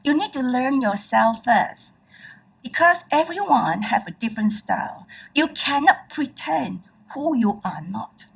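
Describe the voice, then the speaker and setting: A woman's voice: high voice, lively intonation, measured pace, vocal fry, far from the mic, slight background noise, poor audio. A woman giving a presentation on public speaking as a trainer. She speaks emphatically and keeps checking in with her audience.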